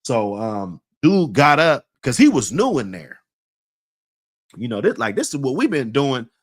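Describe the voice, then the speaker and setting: A man spins a loose, rambling story in thick street slang, circling back with fillers and breaking into laughter along the way. His voice sits at an ordinary middle pitch. It is recorded dry, with no room sound around it. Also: big pitch swings, unhurried, no room sound. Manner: slangy, rambling, laughs often while telling. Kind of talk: casual storytelling.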